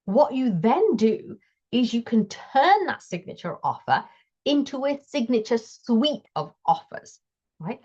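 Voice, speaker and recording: A woman hosts a solo coaching talk, mid-pitched and emphatic. She drives each point home and keeps checking in with her listener. The recording sounds a little dull and lo-fi. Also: very animated, normal speed, husky. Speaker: business coach and host.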